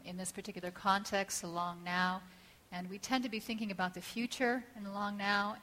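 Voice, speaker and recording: Woman giving a measured, ceremonial talk. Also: mid-range voice, a bit bright, low-quality recording. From Northeastern North America. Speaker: speaker. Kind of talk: prepared talk.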